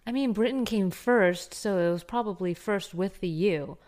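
A woman's voice: mid-range voice, moderate pace, a little mellow. Playful young woman with Valley Girl accent. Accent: Californian Valley Girl. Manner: playful, joking, slips into giggles. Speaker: podcast co-host. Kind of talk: casual chat.

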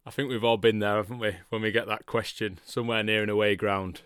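A man's voice: on the low side, little pitch movement, quick pace, a bit bright, clear, resonant tone, dry recording, studio quality. A man hosting a football podcast in casual chat, teasing his guests jovially and steering the conversation. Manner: teasing, jovial, leads the talk. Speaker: podcast host.

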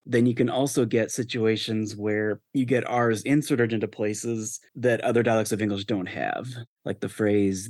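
A man's voice: lowish voice, little pitch movement, normal speed, darkish tone, no room sound, clean studio sound. A man linguist answering interview questions in a modest, explanatory way.

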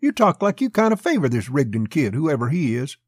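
A man's voice: a little high, very animated, a little fast, husky, dry recording, clean studio sound, voice pushed up. A man voicing a hot-headed young customs officer who speaks bitingly and full of hate. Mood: bewildered. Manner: biting, hateful.

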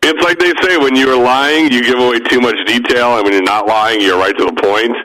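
A man's voice: mid-range voice, fairly even intonation, fairly quick, bright, forceful tone, low-quality recording. A man co-hosting a podcast in casual comedic chat, making dry, blunt comebacks. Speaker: podcast co-host.

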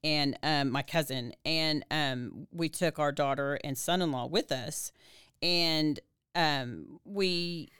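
A woman podcast co-host, telling a personal story in casual chat, animated and full of restarts. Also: slow pace, clear, resonant tone, no echo, clean studio sound. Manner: animated, many restarts, pitch rises when reliving tears. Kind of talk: casual storytelling to her husband.

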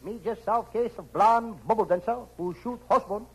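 A comedian putting on a boastful movie detective who speaks in clipped pidgin English, in a 1940s radio comedy. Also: male voice, sits high, moderate pace, fairly bright tone, breathy edge, voice pushed up, heavily acted, rough recording.

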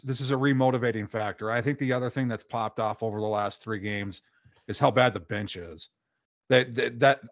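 A man's voice: medium pitch, dry recording. Confident male sports co-host, dry sound. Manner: confident, repeats words when starting. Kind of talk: casual sports radio chat.

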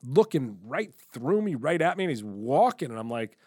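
A middle-aged man co-hosting a podcast, telling animated stories with free swearing and acting out his own lines. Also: mid-range voice, moderate pace, breathy edge, dry recording, clean studio sound. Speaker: podcast co-host. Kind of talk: casual storytelling chat.

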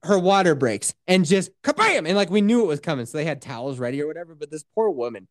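A man's voice: on the high side, very animated, quick pace, no echo, clean studio sound. A man telling a story in casual chat, swearing freely and acting out the quotes.

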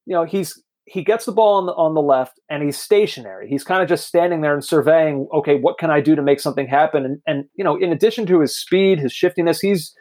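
A man co-hosting a football podcast in casual chat, easygoing and quick to laugh. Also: on the high side, a little mellow. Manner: easygoing, laughs often, says "like" a lot. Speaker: podcast co-host.

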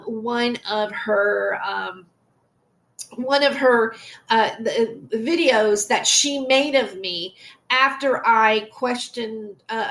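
Give me a woman hosting a podcast, casual and hesitant, with a slightly high, creaky voice. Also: a bit bright. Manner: hesitant, many fillers. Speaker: podcast host. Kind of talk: casual commentary.

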